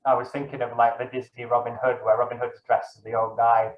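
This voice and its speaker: A man's voice: mid-range voice, level tone, quick pace. A young man, a dungeon master, chatting casually as an interview guest in a rambling way, correcting himself and filling gaps with ums. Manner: rambling, self-correcting, many fillers. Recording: echoey, dull lo-fi room sound.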